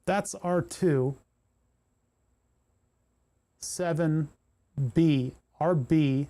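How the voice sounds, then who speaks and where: A man's voice: a little high, extremely slow, dark tone. A man streaming live while soldering, explaining each step and muttering with frustration as he searches for parts. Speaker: streamer building electronics kits. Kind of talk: casual livestream commentary while soldering.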